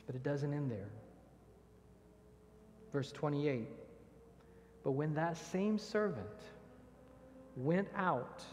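A man's voice: a little high, slow pace, pauses often, slight background noise. A man preaching a verse-by-verse sermon as pastor, earnest, asking rhetorical questions and reading scripture aloud. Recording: long church reverb.

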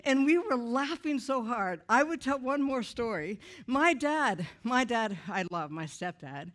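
A woman with an animated, humorous storytelling manner tells a personal testimony to a church audience. She moves through her story quickly and acts out the voices of the people in it. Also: fairly high pitch. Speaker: speaker giving a personal testimony. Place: church event before an audience.

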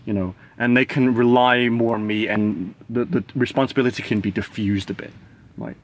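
A man's voice: mid-range voice, steady tone, normal speed. Rambling man full of filler words. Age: 30s. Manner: rambling, many "like" and "right?" fillers; swears casually, laughs between thoughts. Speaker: vlogger. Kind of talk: casual monologue to camera.

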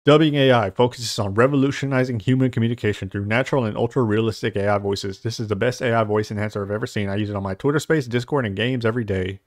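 A man's voice: medium pitch, no room sound, studio quality. Rambling casual man walking through a tutorial. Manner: rambling, casual, curses lightly. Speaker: host. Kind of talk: software tutorial. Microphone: studio mic with noise suppression.

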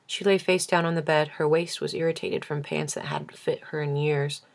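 Woman narrator, gravelly, measured, intimate. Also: low-pitched, fairly even intonation. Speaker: audiobook reader. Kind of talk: reading a novel aloud.

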